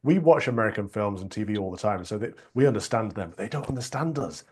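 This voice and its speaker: A man's voice: on the low side, animated, quick pace, a little mellow, a little hiss or hum. A man with an English accent speaking frankly as a panel guest, often restarting his sentences. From England. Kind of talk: opinionated panel discussion.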